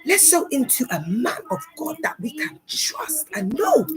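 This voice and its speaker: A smooth-talking church leader working a congregation for donations, put on by a woman. The delivery rolls in a sermon cadence and keeps sinking into a near-hush to sound sincere. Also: sits high, sing-song, unhurried, soft background music, voice pushed up, low-quality recording. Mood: coaxing.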